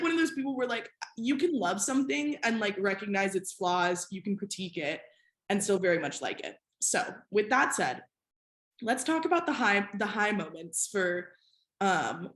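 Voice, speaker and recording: A woman's voice: mid-range voice, fairly bright tone, reverberant. A woman hosting a podcast, chatting casually with many "like" fillers. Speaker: podcast host.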